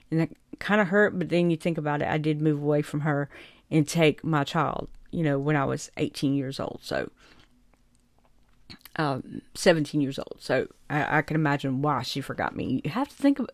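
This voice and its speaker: A woman's voice: low-pitched, no room sound. An older woman from South Georgia with a Southern drawl, chatting to camera in a rambling, heartfelt way and chuckling often. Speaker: vlogger. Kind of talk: casual chat to camera.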